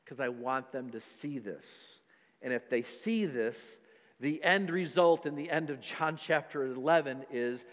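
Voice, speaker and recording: A man's voice: medium pitch, a little slow, big-room sound. A man, a pastor, preaching a dynamic sermon and calling out to his congregation as church.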